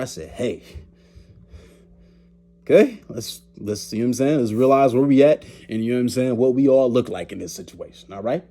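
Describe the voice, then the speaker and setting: A man's voice: medium pitch, fairly quick, a little hiss or hum. A young man vlogging, telling a story in a loose, slangy way, laughing often and acting out the other people's lines. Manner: animated, slangy, laughs often, acts out quoted voices. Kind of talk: casual storytelling.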